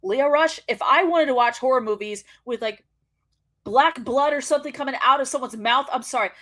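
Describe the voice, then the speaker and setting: Brief: female host, high sharp voice, foul-mouthed ranting commentary with frequent laughter. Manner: profane, ranting, laughs often. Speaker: wrestling show host. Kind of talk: casual livestream commentary.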